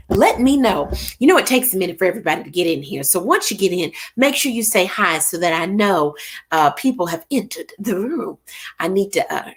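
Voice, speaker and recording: A middle-aged woman, hosting a casual live stream and chatting with viewers by name. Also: medium pitch. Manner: lively, chatty, greets viewers by name, Southern church expressions. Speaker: livestream host.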